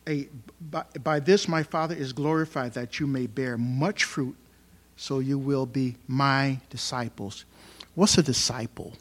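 A man's voice: mid-range voice, a little slow. A man preaching a sermon to a congregation, in a conversational way, asking the listeners questions and rising sharply on key words. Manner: conversational preaching with rhetorical questions and emphatic rises. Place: church service.

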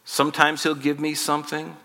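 Bright-voiced pastor preaching in a hall. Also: male voice, a little high, completely flat delivery, brisk. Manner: conversational and humorous, acts out little dialogues. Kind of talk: sermon.

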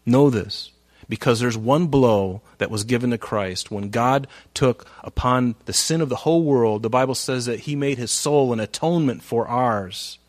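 A man preaching a sermon, reading scripture aloud and commenting on it, moving between soft asides and loud, emphatic phrases. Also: mid-range voice, moderate pace, dry recording. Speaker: pastor.

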